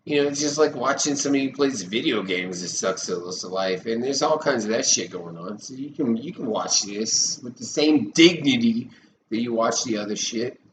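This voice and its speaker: A man in his thirties, animated and speaking at a moderate clip in a mid-range voice, rambles and curses loosely and sarcastically on a live stream. Loud background noise fills the echoey room.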